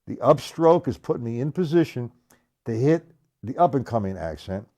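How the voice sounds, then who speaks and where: A man's voice: medium pitch, animated, normal speed, mellow. A man giving a live-streamed drum lesson, talking bluntly and emphatically, repeating his points as he demonstrates strokes. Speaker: drum teacher. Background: drum hits.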